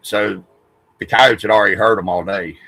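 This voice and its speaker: A man's voice: on the low side, fairly even intonation, moderate pace, gravelly, bright, forceful tone, no room sound, low-quality recording. A man, rambling through stories in a casual podcast chat and swearing freely. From West Virginia. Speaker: podcast host.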